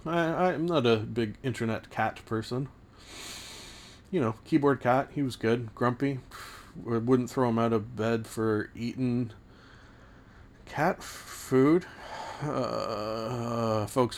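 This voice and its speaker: A man in his late thirties talks through his solo podcast in a loose, wandering way. He trips over his words and restarts often, poking fun at himself as he goes. His voice sits at an ordinary middle pitch. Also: a little slow, slight background noise. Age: late 30s. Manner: rambling, stumbling restarts, self-mocking asides. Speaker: podcast host. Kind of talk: casual solo podcast monologue.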